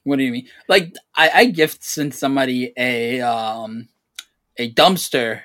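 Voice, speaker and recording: A young man co-hosting a casual podcast, playful and teasing with quick interjections. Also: mid-range voice, fairly bright tone. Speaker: podcast co-host.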